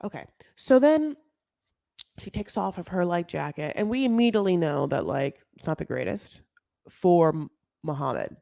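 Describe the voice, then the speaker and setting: A woman's voice: on the low side, animated, moderate pace, warm tone, dry recording. A woman casually recapping a reality show, gossipy and full of filler words, calling listeners honey. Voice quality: gravelly vocal fry.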